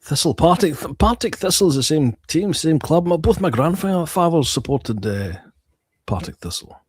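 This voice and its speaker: Husky, wry man co-hosting a chat. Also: fairly high pitch, lively intonation, moderate pace, dry recording. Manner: dry, wry comebacks. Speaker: co-host. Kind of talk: casual livestream banter.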